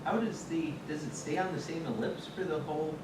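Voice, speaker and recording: A man in the audience asking a hesitant question during a lecture, restarting as he goes. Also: brisk. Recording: distant, echoey, loud background rumble.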